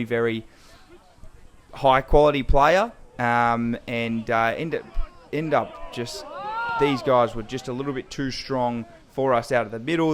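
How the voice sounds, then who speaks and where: A young Australian man narrating his own football game footage in excitable, slang-heavy play-by-play. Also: mid-range voice. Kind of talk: mic'd-up sports commentary.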